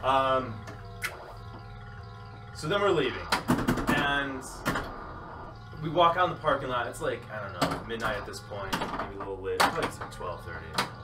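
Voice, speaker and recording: A man's voice: medium pitch, measured pace, long pauses, roomy sound, loud music behind the voice. A man hosting a casual livestream chat, telling a long story with many fillers and frequent laughs. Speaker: show host. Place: pinball arcade or game room. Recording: distant mic, loud arcade noise.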